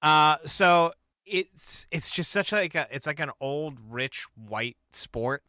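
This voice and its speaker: Bright-voiced man rambling on a podcast. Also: on the high side, animated, slow, smooth, no echo. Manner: rambling, hesitant, laughs easily. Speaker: podcast co-host. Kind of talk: casual chat.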